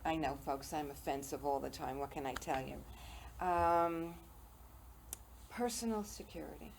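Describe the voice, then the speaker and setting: An older woman with a very low voice hosts a casual interview and spins funny personal anecdotes. There is a faint hiss behind her. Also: unhurried, vocal fry, rough recording. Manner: storytelling, self-deprecating humor. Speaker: talk show host. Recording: faint noise, local TV studio.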